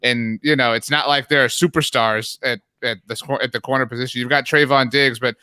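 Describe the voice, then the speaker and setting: A man, a guest who owns a fan site, talking through team analysis in a measured, thoughtful way. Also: medium pitch, fairly even intonation, bright, forceful tone, clean tone, no room sound. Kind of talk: casual podcast chat.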